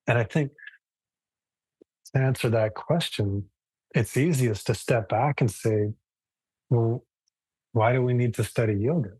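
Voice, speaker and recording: Husky-voiced man teaching a yoga class. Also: medium pitch, a little slow, pauses often, darkish tone, no echo, poor audio. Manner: casual, thoughtful, many restarts and fillers. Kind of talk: relaxed live class lecture.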